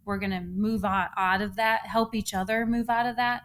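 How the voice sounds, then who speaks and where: A woman co-hosting a parenting podcast in casual conversation. Her voice sits at an ordinary pitch, and she keeps backing her partner up with quick, supportive affirmations. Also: level tone, a bit bright. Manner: supportive, frequent short affirmations. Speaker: podcast co-host, counselor. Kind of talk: casual chat.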